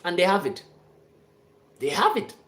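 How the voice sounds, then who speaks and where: A live-stream commentator giving an impassioned, off-the-cuff monologue to followers, insistent and repetitive, sometimes rising to shouts. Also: medium pitch, big pitch swings, a little slow, echoey room. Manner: fiery and insistent, repeating phrases, rising to shouts.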